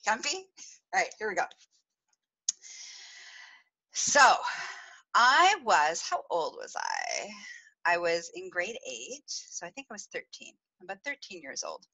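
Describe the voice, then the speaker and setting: A woman's voice: fairly low pitch, huge pitch swings, unhurried, creaky, pushed and bright, slightly rough, low-quality recording. A woman hosting a podcast, telling a personal story in a confessional way, giggling and acting out dramatic moments. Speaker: podcast host.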